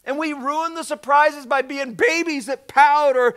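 A male pastor preaching a conversational sermon, swinging between shouts and hushed asides. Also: extremely high pitch, unhurried, few pauses.

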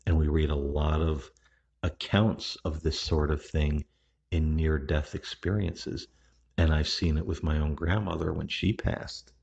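With a very deep, husky, rough voice, a man hosts a podcast in a relaxed, unhurried monologue. He frequently restarts sentences and uses fillers, and the recording is dull, somewhat muffled and lo-fi.

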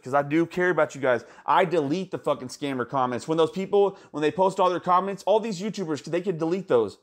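A man talking fast and excitedly in a casual vlog, swearing a lot and calling his viewers "guys.". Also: fairly high pitch. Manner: excited, profane, repeats "guys". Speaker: crypto YouTuber.

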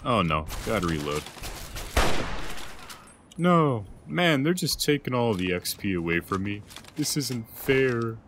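A man's voice: medium pitch, very animated, takes it slowly, noisy background. A man giving casual gameplay commentary as a let's play host, rambling and self-deprecating, with lots of hesitant fillers.

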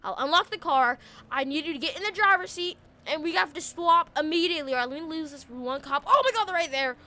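A woman commentating a police chase in a game, frantic and panicky, often shouting and repeating herself. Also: sits high, lively intonation, fast talker. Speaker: gaming video creator.

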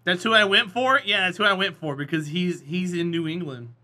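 Bright, high-voiced man chatting on stream. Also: brisk. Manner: joking, teasing, laughs often. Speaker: live streamer. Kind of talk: casual live-stream chat with viewers.

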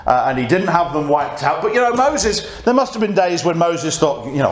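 A man's voice: on the high side, big pitch swings, normal speed. A man preaching a conversational sermon and reading scripture aloud. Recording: echoey church room.

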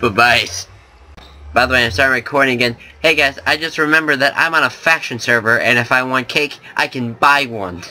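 Young male gaming host, very bright voice, excitable, joking, casual commentary. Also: medium pitch, fairly quick.

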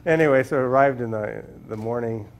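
Gravelly-voiced man telling funny stories. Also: mid-range voice, fairly quick. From Minnesota, USA. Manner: humorous storyteller, repeats words while finding them. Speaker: guest speaker, scientist. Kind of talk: anecdotal talk to a class. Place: lecture room with a live audience.

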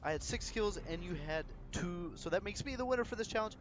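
A man with a slightly high voice hosts a gameplay session, bantering loosely with a friend. He gets excitable and gloats, breaking into frequent laughs. A faint hiss sits under his talk. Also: fast. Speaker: gaming channel host.

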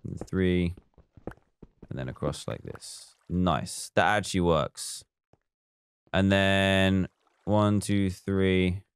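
A man streaming a building game, talking in an easy, conversational way. His voice sits low and sounds clean and resonant, recorded close and dry with no room around it. He drifts between reading out viewer messages and quietly counting as he builds. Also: steady tone, slow pace, pauses often, clean tone, no echo. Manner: chatty, reads viewer comments aloud and counts blocks under his breath. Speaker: live streamer. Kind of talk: casual live-stream chat while building in a game.

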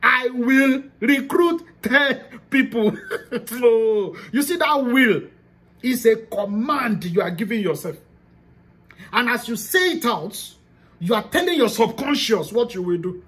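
A woman's voice: on the high side, big pitch swings, measured pace. Emphatic Nigerian woman coaching. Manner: emphatic, repeats key phrases, slips into pidgin. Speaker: business coach. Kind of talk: motivational teaching talk.

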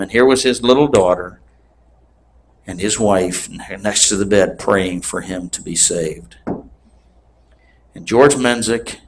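A man in his sixties preaching a sermon in a slow, emphatic way. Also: lowish voice, slight background noise. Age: 60s.

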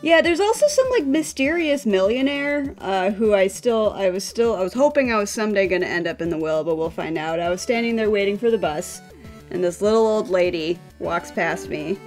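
A young woman from the American Midwest, co-hosting a live stream and telling a story in casual chat, animated and laughing as she acts out the other people. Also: medium pitch, brisk, soft background music. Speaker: co-host.

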